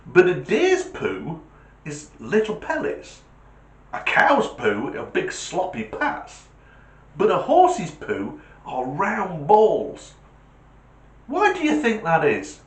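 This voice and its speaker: A man voicing a cheeky, quick-witted little boy who delivers crude punchlines. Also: wildly swooping pitch, exaggerated voice. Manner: high-pitched, cheeky, emphatic punchlines. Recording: echoey room.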